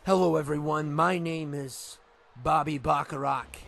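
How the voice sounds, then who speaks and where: A smug, scheming heel announcer, put on by a man for a wrestling game video. He drags out his words and gloats at a slow, self-satisfied pace. His voice sits fairly high. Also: fairly even intonation, vocal fry, fairly bright tone, slight background noise.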